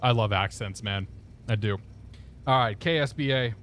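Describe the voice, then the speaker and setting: A man's voice: lowish voice, normal speed, a bit bright. A man chatting casually on a live stream, laughing often and talking through his cockpit steps. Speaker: flight sim streamer.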